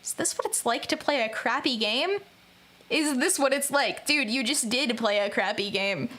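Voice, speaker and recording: A woman streamer with a high, bright-pitched voice gives animated, joking let's-play commentary. She reads the game's text aloud and reacts to it in a chatty way. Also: moderate pace.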